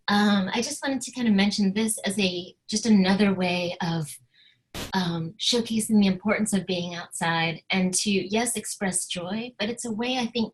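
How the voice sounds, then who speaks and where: Soft-spoken woman, halting webinar talk. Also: medium pitch, poor audio. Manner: hesitant, many filler ums, soft-spoken. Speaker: writer and professor giving a webinar talk. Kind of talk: informal webinar presentation.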